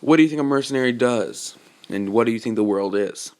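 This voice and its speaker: A man voicing a calm, matter-of-fact young male mercenary at a hero school, in his own everyday voice. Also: medium pitch, a little fast, lightly acted.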